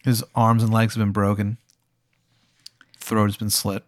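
A young man running a comic tabletop game as game master, deadpan and laughing at his own bits. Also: fairly low pitch, unhurried, dry recording, studio quality. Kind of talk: improvised comic tabletop narration.

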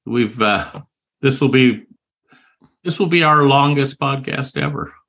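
A man hosting a podcast in a slow, unhurried way, his voice bright and forward. He chats casually and laughs often. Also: medium pitch, creaky. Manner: laughs often, relaxed and chatty. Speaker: podcast host. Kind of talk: casual chat.

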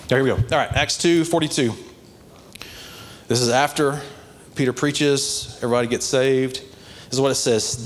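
A man's voice: mid-range voice, fairly even intonation, normal speed, pauses often, slight background noise. A man preaching a sermon, telling a story conversationally and building to earnest, passionate exhortation. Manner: conversational storytelling with many "like" fillers.

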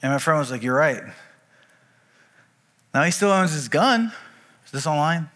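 A man preaching a sermon as pastor, telling stories in a conversational way with quick asides. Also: fairly high pitch, lively intonation, a bit bright, in a large hall. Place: church auditorium.

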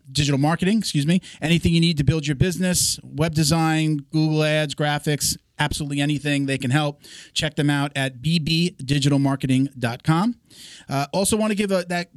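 Male podcast host, slightly high voice, casual and rambling, dry studio sound. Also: no room sound. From South Florida. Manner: loose and chatty, with fillers.

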